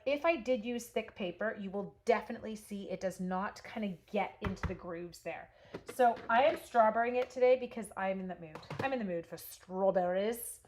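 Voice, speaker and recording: Her slightly high, slightly mellow voice comes with a little hiss or hum. She's hosting a live craft demo on card stamping, chatting casually with her audience and responding to comments while she works.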